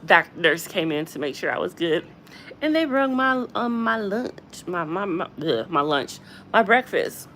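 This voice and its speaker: A woman hosting a casual gossip livestream from a hospital room, chatty and animated, often addressing her viewers directly. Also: lowish voice, unhurried, slight background noise. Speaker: gossip channel host.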